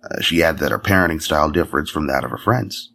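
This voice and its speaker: A man's voice: very deep voice, fast, vocal fry, sharp tone. A man hosting a news podcast, reading stories with chatty, jokey asides. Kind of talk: casual news commentary.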